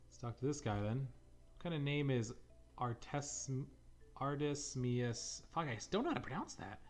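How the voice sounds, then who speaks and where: A man's voice: medium pitch, expressive, moderate pace, faint music behind. A man casually commenting on a fan game, sarcastic, profane and irreverent. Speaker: let's play gamer. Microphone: desk mic.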